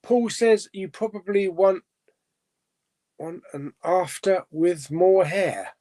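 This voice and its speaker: A man's voice: high voice, expressive, slow pace, mellow. A man hosting a casual live stream chat, reading out viewer comments and rambling chattily with frequent self-corrections and laughs.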